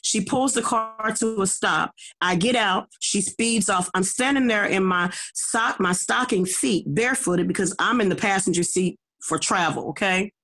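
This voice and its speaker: A woman's voice: mid-range voice, moderate pace, few pauses, a bit bright. A middle-aged woman, an evangelist, telling her personal testimony with emphasis. She often repeats and restarts her words and keeps checking in with her listeners. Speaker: evangelist guest.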